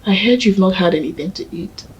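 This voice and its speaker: An actress with a Nigerian accent playing a young woman softly comforting her grieving partner in a film. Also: mid-range voice, fairly quick, slightly rough, muffled recording. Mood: tender. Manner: gentle, coaxing, often whispering.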